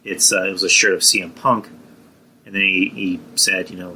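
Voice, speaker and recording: A man hosts a live stream with a fairly low yet very bright, forward voice. He rambles casually, swears freely, and stops now and then to answer people in the chat. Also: fairly even intonation, normal speed, slight background noise, poor audio. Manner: rambling, profane, chatting with live viewers. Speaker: podcast host.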